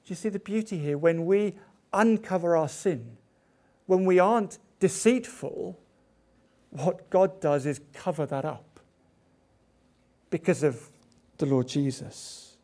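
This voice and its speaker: A man's voice: fairly high pitch, animated, slow pace, pauses often, warm tone. A man preaching a sermon, asking rhetorical questions and building to emphatic peaks.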